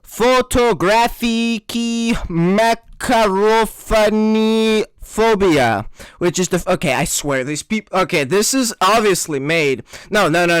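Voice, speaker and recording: A man's voice: high-pitched, animated, slow pace, fairly bright tone, smooth, no echo. A man ranting sarcastically in a comedic commentary vlog, often jumping into mock voices. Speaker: video creator.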